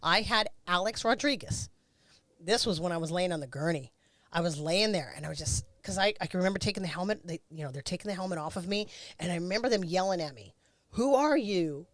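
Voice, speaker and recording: A woman's voice: fairly low pitch, quick pace, fairly bright tone, no room sound. A middle-aged woman, a former race car driver, bluntly recounting a crash in a candid interview, swearing freely.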